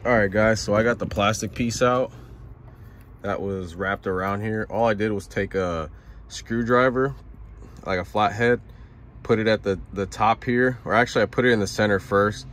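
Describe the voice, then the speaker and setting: A man's voice: lowish voice, fairly even intonation, normal speed, fairly bright tone, slight background noise. A man vlogging from inside his truck cab, explaining a repair in a laid-back, rambling way with lots of fillers and restarts. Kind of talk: casual how-to vlog.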